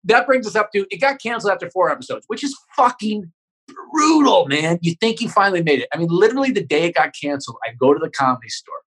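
A man's voice: high-pitched, sing-song, a bit bright, husky. A man, a comedian guest, telling a profane story in a podcast interview, often tagging sentences with "right?". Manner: rapid, profane, keeps checking in with "right?".

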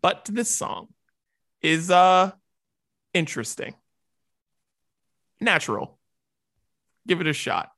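Bright-voiced young man chatting about music. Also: a little high, sing-song, slow, long pauses. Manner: easygoing, laughs often, self-deprecating. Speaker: podcast co-host. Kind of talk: casual music chat.

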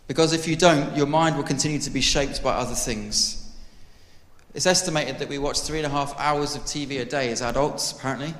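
A man's voice: medium pitch, normal speed, long pauses, fairly bright tone. A man preaching a sermon to his church, earnest and conversational, joking with the congregation. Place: church hall. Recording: echoey hall with long reverb.

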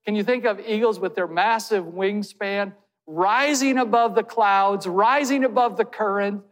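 A man's voice: sits high, unhurried. A man preaching a sermon as pastor. He speaks earnestly and puts direct questions to his listeners. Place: church hall. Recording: long hall reverb.

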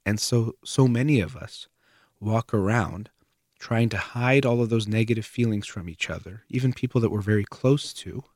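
A man giving a calm, measured, earnest talk about how parents handle their children's feelings. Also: on the low side, no room sound, studio quality. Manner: calm, measured, earnest, trailing off softer at phrase ends. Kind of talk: explanatory talk to camera.

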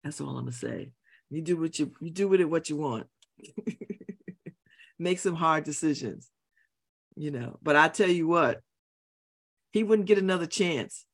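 A middle-aged woman with a low, gravelly, expressive voice hosts a talk radio show in a studio, speaking at a moderate pace with long pauses. Her monologue is opinionated and preachy, and she's emphatic, repeating phrases for effect.

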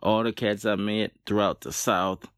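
A man with a South Louisiana accent talks in a slow, rambling drawl and keeps saying "you know" and "bruh." His voice sits fairly low and sounds dry and close. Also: fairly even intonation, fairly bright tone, no echo. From Lafayette, Louisiana. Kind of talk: casual monologue.

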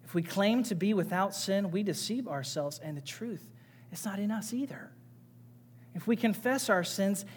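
A male pastor preaching a sermon, swinging between loud, emphatic passages and quiet, low asides. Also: husky. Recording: long reverb with faint music behind.

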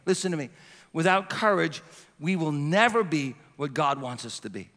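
A pastor in his fifties preaching a sermon with passion, climbing to loud repeated cries and falling to a soft voice in prayer. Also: fairly high pitch, expressive, moderate pace. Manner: passionate, building to shouts and dropping to soft prayer. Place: church sanctuary. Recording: long reverb of a church hall.

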